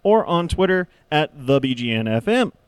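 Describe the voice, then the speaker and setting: A man's voice: on the high side, big pitch swings, normal speed, clean tone, no room sound. A man hosting a casual podcast, laughing often and tripping over his words. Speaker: podcast host.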